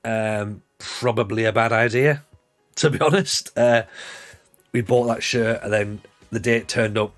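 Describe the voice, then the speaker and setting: A man in his forties with a Northeast English accent chats loosely on his livestream, drifting from thought to thought with easy laughs. His voice sits on the low side. Faint music plays in the background. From Northeast England. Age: 40s. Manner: rambling, chatty, laughs easily. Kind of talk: casual chat on a livestream.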